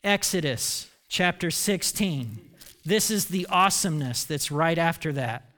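A man preaching a sermon, retelling scripture in an animated, self-deprecating storytelling way. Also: on the high side, unhurried. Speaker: pastor.

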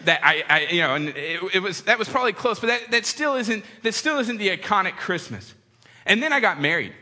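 A man in his thirties giving a humorous storytelling talk to an audience, animated and acting out quoted voices. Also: high voice. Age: 30s. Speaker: speaker addressing an audience. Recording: long hall reverb.

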